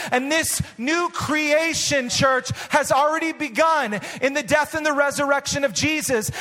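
A man preaching a sermon in a very high, bright, ringing voice. He stretches out scripture lines for weight, then swells into impassioned shouts. His voice carries with the long reverb of a large church sanctuary. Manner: drawn-out emphatic reading of scripture. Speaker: pastor.

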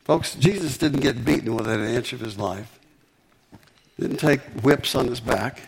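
A man preaching a sermon with emphatic, animated delivery and frequent repetitions. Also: mid-range voice, a little slow, creaky, husky.

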